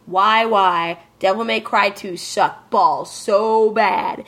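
A woman's voice: medium pitch, fairly even intonation, slow pace, fairly bright tone. A woman co-hosting a casual chat, emphatic and ranting, swearing freely.

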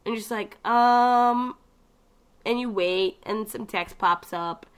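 A woman chatting casually about video games, telling the story with lively asides and quick mimicked voices. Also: mid-range voice. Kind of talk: casual gaming chat.

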